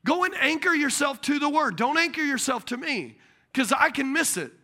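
High, bright-voiced animated preacher. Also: male voice, normal speed. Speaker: pastor. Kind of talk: sermon.

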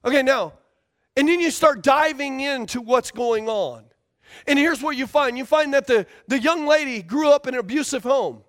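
High-voiced man preaching a sermon. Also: animated, moderate pace, a bit bright. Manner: emphatic, repetitive, asks the congregation for responses. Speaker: pastor.

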